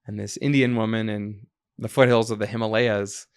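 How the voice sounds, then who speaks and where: Male guest from the US, low and gravelly, relaxed storyteller. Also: moderate pace. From United States. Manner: reflective storyteller, quotes people in lively voices. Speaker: podcast guest. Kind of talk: conversational interview.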